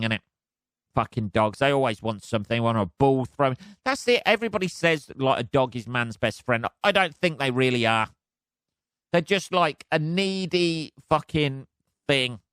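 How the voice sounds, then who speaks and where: A man's voice: mid-range voice, a bit bright, clear, resonant tone, no room sound, studio quality. A man hosting a solo podcast, ranting in a sweary, exasperated way and laughing at himself. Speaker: podcast host. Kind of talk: casual solo rant.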